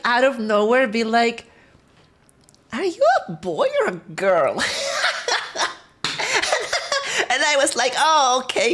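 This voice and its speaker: A woman's voice: a little high, a bit bright. A woman streamer in casual livestream chat, talking while eating, laughing often and greeting her chat between stories.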